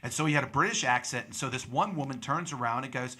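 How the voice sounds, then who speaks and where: A man's voice: mid-range voice, quick pace, hardly any pauses, pushed and bright. A young man from Pittsburgh, hosting a podcast and telling a story in casual chat, acting out the people he quotes. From Pittsburgh, USA. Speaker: podcast host.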